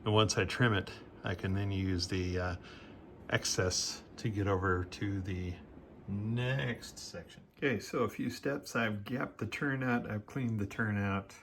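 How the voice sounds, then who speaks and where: A man with a fairly low voice talks his way through hands-on work at his model railroad layout, relaxed and a little out of breath. He was recorded on a phone in his hobby room, with clear background noise. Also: measured pace. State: breathing hard. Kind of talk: casual hands-on narration.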